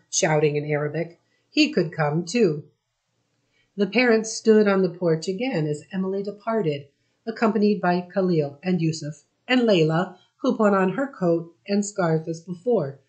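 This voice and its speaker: A woman reading a novel aloud as an audiobook narrator, measured and steady. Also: on the low side. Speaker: audiobook reader. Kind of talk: scripted narration.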